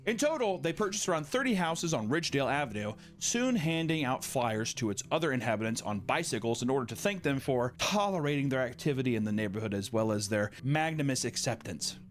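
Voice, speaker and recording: A man hosting a live stream, reading a list aloud and riffing on it in a jokey, animated way. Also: medium pitch, fast talker, few pauses. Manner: animated, jokey, swings into mocking voices. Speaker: streamer host.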